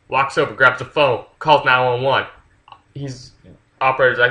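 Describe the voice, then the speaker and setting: Young-sounding guy, very bright, edgy voice, loose rambling plot recap full of fillers and swearing. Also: medium pitch, fairly even intonation, moderate pace, rough recording. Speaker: book reviewer. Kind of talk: casual plot retelling.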